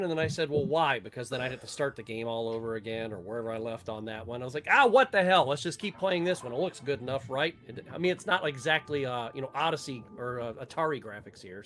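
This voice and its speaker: A man hosting a livestream and giving casual gameplay commentary, excitable and joking, swearing at the game now and then. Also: mid-range voice. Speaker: livestream gamer host.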